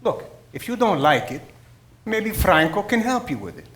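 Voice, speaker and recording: A high, lively voice for a warm, stubborn Italian immigrant father with an Italian accent, acted by a man. He teases and exclaims, swings his pitch a lot, and sounds like he's in an echoey room. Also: normal speed. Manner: teasing, exclaiming with Italian phrases. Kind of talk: stage play acting.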